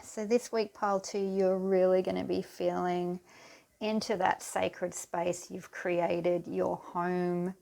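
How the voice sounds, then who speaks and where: This is a woman running a pick-a-card tarot reading, speaking straight to her viewers. She talks slowly and soothingly. Her voice is fairly low and has a gravelly, creaky edge. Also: level tone, dark tone. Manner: unhurried, soothing, addresses viewers directly.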